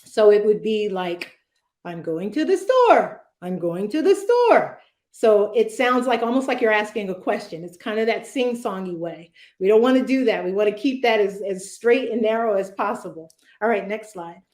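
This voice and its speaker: A woman's voice: medium pitch, moderate pace, hardly any pauses, darkish tone, roomy sound. A woman leading a virtual public speaking workshop, talking conversationally with fillers and frequent "right?" check-ins. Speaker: workshop presenter.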